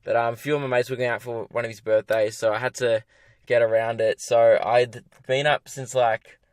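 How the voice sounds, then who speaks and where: A young Australian man rants through a solo comedy podcast from his parked car, exasperated and rambling, often poking fun at himself. His voice sits at a middling pitch. The sound is close and dry, with no room echo. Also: flat delivery, moderate pace, smooth. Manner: exasperated, ranting, self-mocking.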